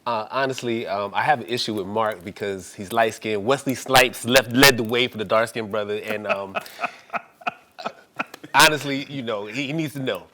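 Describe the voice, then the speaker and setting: Bright-voiced joking male actor. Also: medium pitch, normal speed. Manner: joking, deadpan then earnest. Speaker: actor guest. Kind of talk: casual studio interview. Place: TV studio.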